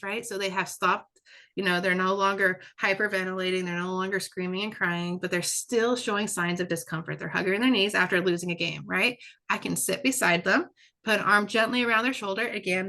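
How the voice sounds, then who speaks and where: In a pushed, bright voice of medium pitch, a woman who develops curricula presents a webinar lecture conversationally. She often asks "right?" and stresses points by repeating words.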